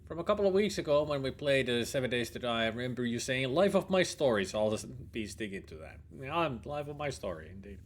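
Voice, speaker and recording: Talking quickly with few pauses, this streamer rambles through casual, animated gameplay commentary, riffing and swearing now and then. His pitch is medium.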